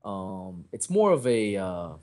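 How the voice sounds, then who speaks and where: Lively joking podcast host, a man. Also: deep voice. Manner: joking, drawn-out teasing delivery. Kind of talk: casual chat.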